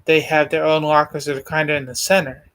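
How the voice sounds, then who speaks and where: A man's voice: a little high, fast talker. Man co-hosting a sports podcast. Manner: calm explainer with many short backchannels. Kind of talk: casual sports chat.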